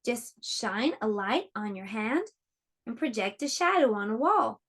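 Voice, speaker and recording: A woman teaching an online preschool lesson, speaking slowly and encouragingly to small children. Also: fairly high pitch, very animated. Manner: slow, encouraging, clearly explaining to small children.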